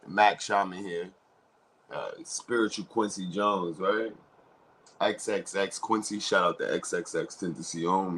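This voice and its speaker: Brief: deep-voiced man, forceful and edgy, rambling profane rant with sudden whispers. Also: a little hiss or hum, low-quality recording. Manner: loud and rambling, shifting between shouts and hushed asides; profane and confrontational. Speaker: vlogger. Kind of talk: freewheeling spiritual rant.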